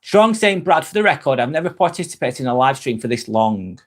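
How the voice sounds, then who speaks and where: With a sing-song, medium-pitched voice and a slightly fast pace, a man hosts a casual live stream, reading viewers' comments out loud. He answers them by name in a chatty manner, swearing freely and frequently.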